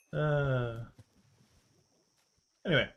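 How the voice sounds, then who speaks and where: A young man talks through a game on stream in a loose, rambling way. He swears casually and laughs at his own mishaps. He drifts between muttered asides and quick bursts of excitement. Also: medium pitch, highs cut off. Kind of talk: casual gameplay commentary.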